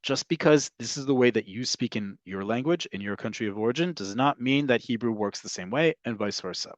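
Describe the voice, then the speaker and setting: A man teaching a language lesson from slides, often checking in with his listeners and pushing key words up in pitch and volume. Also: a little fast, no room sound. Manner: checks in often with "right?" and "okay?"; stresses words with sudden jumps in pitch and loudness. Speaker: Hebrew teacher. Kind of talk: slide lecture. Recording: dull, dry lo-fi recording.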